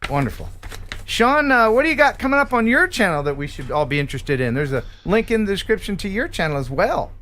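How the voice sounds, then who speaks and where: An American man hosting a live stream, telling puns and reading sponsor plugs in a jokey, animated way. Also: high voice, fast, slight background noise. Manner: animated, punning, jokey delivery. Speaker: host. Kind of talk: live stream chat with jokes and sponsor reads.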